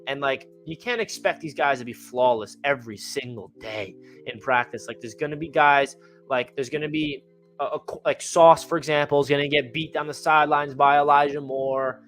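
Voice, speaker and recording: A young man talking casually and with excitement about his football team, rambling and full of fillers, with hiccups. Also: mid-range voice, normal speed, faint music behind. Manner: rambling, enthusiastic, many fillers. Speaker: fan channel host.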